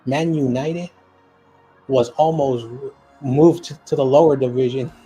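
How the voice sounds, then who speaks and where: A man's voice: mid-range voice, a little slow, warm tone, breathy edge, lo-fi sound, faint music behind. A man co-hosting a live football stream in casual chat, rambling, joking and often losing his train of thought.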